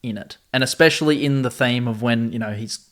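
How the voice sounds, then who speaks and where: A man's voice: mid-range voice, fairly quick, fairly bright tone. Young guy, easygoing co-host, eager and giggly. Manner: enthusiastic, laughs often. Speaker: podcast co-host. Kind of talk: casual chat.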